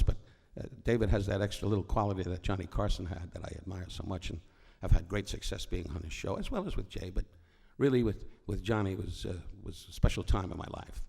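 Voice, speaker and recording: This older comedian guest from New York talks fairly quickly with hardly any pauses, his low voice creaky and darkish. Before a live stage audience, he rambles through wisecracking stories and keeps breaking off to interrupt himself.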